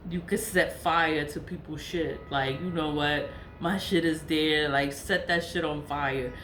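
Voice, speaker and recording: A woman's voice: low-pitched, a bit bright. A woman vlogger venting in a profane, repetitive monologue to camera. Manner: venting, profane, repeats herself. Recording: echoey room with faint ambience.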